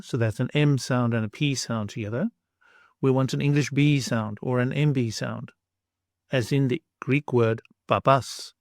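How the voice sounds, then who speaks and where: A man teaching pronunciation, saying each example word slowly and then repeating it, exaggerating the sounds for clarity. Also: mid-range voice, a little mellow, dry recording, clean studio sound. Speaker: language teacher. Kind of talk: slow, deliberate pronunciation lesson.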